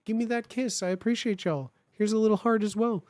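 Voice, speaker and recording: A streamer reading fan fiction aloud on a live stream, chatty and excitable, talking straight to the chat. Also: medium pitch, fairly quick.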